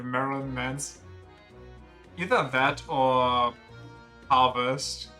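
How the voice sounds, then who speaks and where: Playful streamer with bright tone. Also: mid-range voice, measured pace, faint music behind. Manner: playful, chatty asides, laughing at own voices. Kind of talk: casual gameplay commentary.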